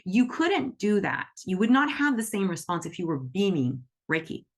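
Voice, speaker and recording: A woman's voice: fairly low pitch, big pitch swings, normal speed. A woman teaching on a group call, chatty, acting out little quoted conversations and often asking "right?". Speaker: animal Reiki teacher.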